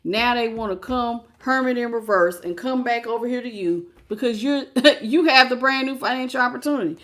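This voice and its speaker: A woman with a fairly high voice gives a live tarot reading. She talks in a lively, slangy, casual way. She laughs often and greets her viewers by name as she goes. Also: a little fast. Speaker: tarot reader.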